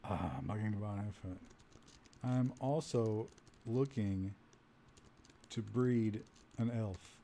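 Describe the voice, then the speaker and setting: A man voicing the player's adventurer in a text game, dropping to a slow, flat, deadpan delivery. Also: lowish voice, a little hiss or hum.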